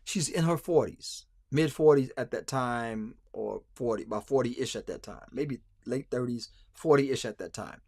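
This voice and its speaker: A man's voice: mid-range voice, normal speed, creaky, few pauses, darkish tone, breathy edge, dry recording, studio quality. A man hosting a livestream, talking emphatically with frequent stammered restarts and repetition. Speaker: livestream host. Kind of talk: casual livestream commentary.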